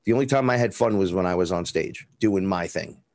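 A man's voice: low-pitched, a little fast, darkish tone, no echo. A man with a Bronx accent, a guest in an interview, telling a rambling story bluntly and with swearing, acting out what people said. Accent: New York (Bronx). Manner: rambling, blunt and profane, acts out dialogue.

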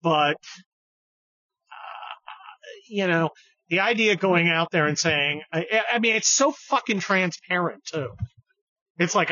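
A man's voice: high-pitched, normal speed, long pauses, pushed and bright, no echo. A man hosting a podcast, giving casual political commentary in a heated, profane, sarcastic way. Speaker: podcast host. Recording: dull dry studio recording.

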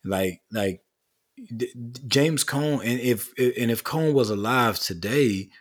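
A man's voice: mid-range voice, slow. A man speaking as a guest author in a casual interview, earnest, building long lists with rising emphasis.

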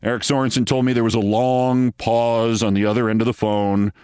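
A man's voice: medium pitch, level tone, a little fast, darkish tone, clear, resonant tone, no room sound. Sardonic male commentary host, dry sound. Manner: sardonic, dryly theatrical storytelling. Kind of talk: sardonic special-comment monologue.

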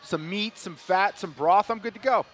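A man's voice: high voice, fairly bright tone. A man co-hosting a sports radio show, chatting eagerly in casual talk. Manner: enthusiastic, quick talker. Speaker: radio co-host.

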